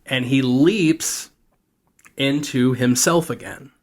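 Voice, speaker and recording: A man with a slow, mid-range voice co-hosts a podcast, casually retelling a TV plot at length. He rambles as he goes and performs the characters' quotes.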